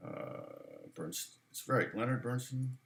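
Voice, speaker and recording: A man's voice: mid-range voice, wildly swooping pitch, slow, vocal fry, fairly bright tone. A male guitar teacher talks through a live lesson in a mid-range voice, wandering off on tangents as he thinks aloud. He counts beats and scats rhythms as he explains them, and his voice carries a roomy echo. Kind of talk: live-stream guitar lesson, answering chat.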